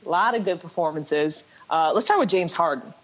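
A woman's voice: lowish voice, animated, a little fast, dull audio. A woman hosting a casual basketball podcast from a studio in New York, chatty and laughing often. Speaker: podcast host. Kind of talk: casual sports chat.

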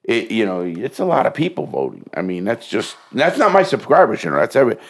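A man with a low voice that swoops up and down, chatting casually on a podcast. He rambles, boasts and swears freely. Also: huge pitch swings, a little fast, vocal fry, slightly rough. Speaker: podcast co-host. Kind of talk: casual chat.

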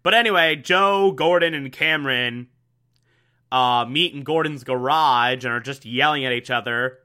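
A man's voice: medium pitch, moderate pace, bright, forceful tone, clear, resonant tone. A young man casually recapping a TV show, enthusiastic and repetitive, with lots of fillers. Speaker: TV recap host.

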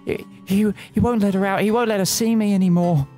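A man's voice: high voice, fairly even intonation, fairly quick, a little mellow, pitched above the performer's own voice, natural voice. A breathless, lovesick young suitor , as a game master puts him on, gushing in a raised, put-on Kiwi accent. He sighs through every line. Faint music hums behind him.

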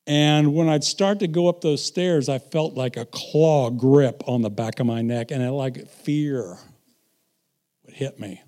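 Unhurried and mid-range in pitch, this middle-aged preacher tells stories through his sermon, his delivery dropping to hushed asides before rising into forceful, loud outbursts.

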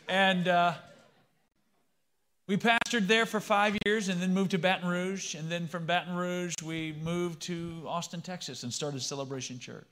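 A man's voice: high-pitched, steady tone, a little slow, a bit bright, slight background noise. A man in his fifties, a pastor giving a sermon in a conversational way and often asking the congregation questions.

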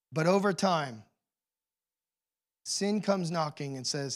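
A man preaching a sermon as pastor, telling the story with swings between hushed and loud emotional delivery. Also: on the high side, slow pace, pauses often.

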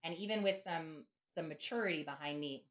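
Reflective middle-aged woman, fairly low voice. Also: brisk. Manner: reflective, often tags "right?" and "you know". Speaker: podcast guest, author. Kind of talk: conversational interview.

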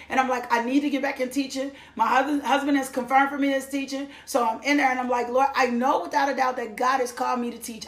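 A middle-aged woman gives a church testimony in a high, bright register. She talks emphatically and circles back to repeat her phrases. Her voice rings out in an echoey church hall. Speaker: testimony speaker. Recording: echoey room.

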